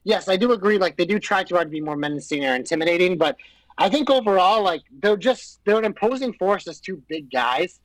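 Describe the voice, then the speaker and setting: High-pitched, profane chatty man. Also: a little fast, no echo, poor audio. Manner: profane, animated opinions. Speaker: podcast co-host. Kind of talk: casual chat about pro wrestling.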